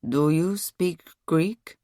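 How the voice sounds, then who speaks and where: A woman voicing a distrustful wealthy man in a true-crime audiobook, slow, flat and emphatic. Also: low-pitched, no room sound, studio quality.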